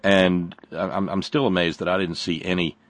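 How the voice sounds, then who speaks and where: A man hosting a radio call-in show, chatting in a halting, wry way and often repeating his words. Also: low-pitched, level tone, no echo. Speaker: radio talk show host. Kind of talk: casual call-in chat.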